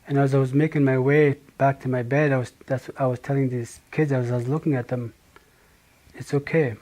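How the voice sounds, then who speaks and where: A middle-aged man from Manitoba tells his own story as testimony. His voice is mellow and dark, at an ordinary pitch. He speaks slowly and reflectively, pausing and restarting often. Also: little pitch movement. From Manitoba, Canada. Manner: slow, halting, reflective with pauses and restarts. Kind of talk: personal testimony.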